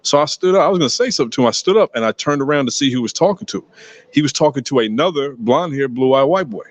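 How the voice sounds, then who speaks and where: A man's voice: medium pitch, expressive, quick pace, no room sound. A man on a casual podcast, telling stories with emphasis and blunt profanity, sometimes acting out other people's voices. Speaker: podcast co-host. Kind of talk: casual podcast debate, storytelling. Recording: dull lo-fi sound.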